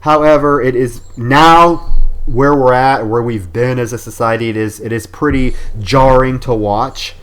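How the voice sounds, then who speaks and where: A man in casual podcast chat, walking through a movie's plot in a relaxed, conversational flow. His voice sits at an ordinary middle pitch, and he talks loosely and freely, with the odd curse word. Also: smooth. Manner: recaps scenes with quick acted-out quotes, swearing freely. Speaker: podcast co-host. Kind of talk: casual film review chat.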